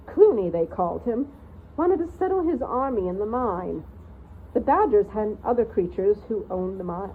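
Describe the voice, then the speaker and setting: Lady doing a squeaky old storybook mouse, fussy and forgetful, tinny phone-like sound. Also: slight background noise. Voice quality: squeaky voice barely above a whisper. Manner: doddering, rambling, peering over spectacles. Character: ancient forgetful male mouse record-keeper. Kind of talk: storybook reading.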